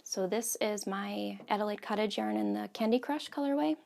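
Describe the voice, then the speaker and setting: This is a podcast host from the United States, a woman in her thirties, chatting casually on her home knitting show. Her mid-range voice is creaky and moves at a normal speed, full of ums and quiet asides in a talkative manner.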